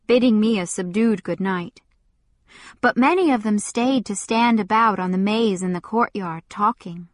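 A woman narrating a novel in a measured, deliberate first-person reading. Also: mid-range voice, no room sound, studio quality. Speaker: audiobook narrator. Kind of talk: scripted narration.

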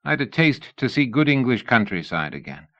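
A man reading an audiobook, voicing a wry, measured male scientist in a dull lo-fi recording. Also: mid-range voice, sing-song, pushed and bright, no echo, voice pushed up.

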